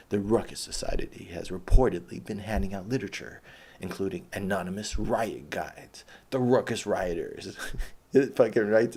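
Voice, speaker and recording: A man's voice: lowish voice, darkish tone, slight background noise. A man rambling through a profane, laughing monologue as a podcast host, swearing constantly.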